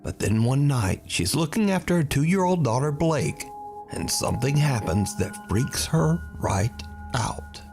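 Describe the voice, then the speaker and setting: A man's voice: medium pitch, animated, a little slow, creaky, over music. A man reading scripted narration with a suspenseful, storytelling delivery.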